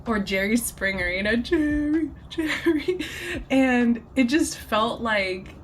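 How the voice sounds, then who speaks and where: A woman's voice: mid-range voice, measured pace, a bit bright, a little hiss or hum. A woman reading tarot from home in a casual, rambling, giggly way with lots of filler words. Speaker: tarot reader. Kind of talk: casual tarot channeling video.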